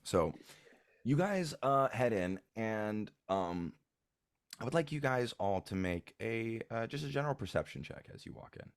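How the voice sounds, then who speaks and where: Male game master with a very low voice, narrating a tabletop game with halting, filler-heavy delivery. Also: expressive, smooth, no room sound, studio quality. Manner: hesitant, full of ums and uhs.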